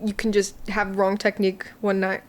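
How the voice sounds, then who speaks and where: A woman's voice: medium pitch, moderate pace. A young woman from New Zealand with a Kiwi accent, a guest musician chatting casually, joking and swearing freely. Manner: joking, deadpan tall tales, swears freely. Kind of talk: casual chat.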